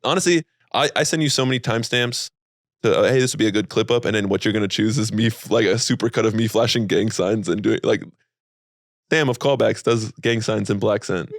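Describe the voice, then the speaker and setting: Fast-talking gravelly co-host. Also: male voice, fairly low pitch, no echo, studio quality. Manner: fast, joking, self-mocking. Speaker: podcast co-host. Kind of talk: casual chat.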